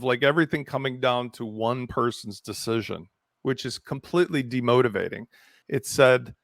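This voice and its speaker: A man's voice: medium pitch, gravelly, a bit bright, dry recording, clean studio sound. A man from Ukraine speaking as a round-table panelist, passionate and emphatic as he states his positions firmly. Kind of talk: heated round-table discussion.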